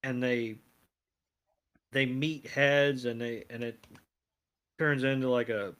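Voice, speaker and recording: Slow-talking man recapping an episode. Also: mid-range voice, steady tone, a bit bright, smooth. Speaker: podcast co-host. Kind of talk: casual podcast chat, recapping an episode.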